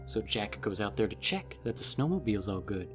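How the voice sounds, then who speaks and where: A man's voice: on the low side, sing-song, a little fast, over music. A man rambling casually through a book recap as a vlogger, with many fillers.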